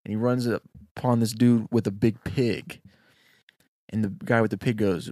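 A man's voice: lowish voice, normal speed, long pauses, no room sound, studio quality. A man brainstorming a short film, telling a long folk tale with animation. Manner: animated storyteller. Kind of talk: casual brainstorming chat.

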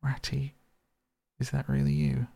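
A small, timid male mole from a bedtime storybook, feeble and anxious, as a male narrator acts him out. The voice is low and gravelly with a husky edge. He sounds worn out and easily frightened. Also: steady tone, normal speed, a little mellow, no room sound.

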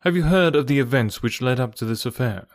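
A calm, cerebral detective played by a man who lays out his reasoning with measured assurance. His voice sits at a middling pitch, and the recording is dry and close. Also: no room sound, close to an everyday voice. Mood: assured.

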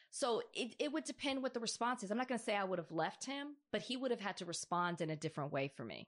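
A woman co-hosting a podcast, telling stories in an animated, emphatic casual chat. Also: mid-range voice, fast talker. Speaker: podcast co-host.

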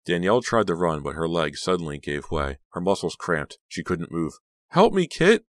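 A man narrating a horror audiobook in a steady, measured reading. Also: low-pitched, dry recording, studio quality. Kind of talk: scripted narration.

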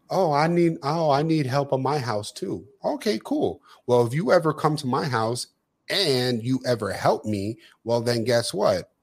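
A man co-hosting a podcast, ranting and acting out both sides of conversations. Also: medium pitch. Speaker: podcast co-host. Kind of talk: casual chat.

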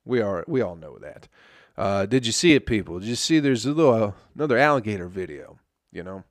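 A man's voice: lowish voice, expressive, a little fast, dry recording. A man hosting a podcast, ranting with constant swearing and laughing at his own jokes, his throat dry. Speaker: podcast host. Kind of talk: profane comedic rant.

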